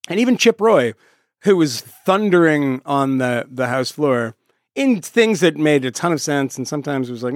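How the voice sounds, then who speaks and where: A man's voice: fairly high pitch, lively intonation, normal speed, no room sound, studio quality. A man co-hosting a podcast, chatting casually, often laughing and incredulous. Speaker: podcast co-host. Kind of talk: casual chat.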